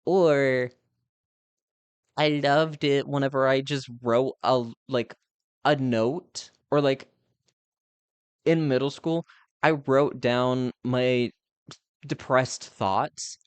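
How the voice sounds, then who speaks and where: A man's voice: mid-range voice, fairly even intonation, very slow, pauses often, smooth, no room sound. A young man chatting casually as a live streamer, speaking candidly and rambling with lots of filler words. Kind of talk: casual chat.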